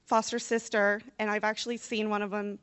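A woman's voice: medium pitch, little pitch movement, fairly quick, a bit bright, clean tone. Woman, church testimony, nervous and near tears, chatty and unscripted. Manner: talkative and unscripted, with fillers. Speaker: church member giving a testimony.

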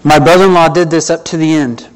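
A middle-aged man, preaching a sermon earnestly, with swells and hushed drops. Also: a little high, steady tone, fast talker, clear, resonant tone. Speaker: pastor.

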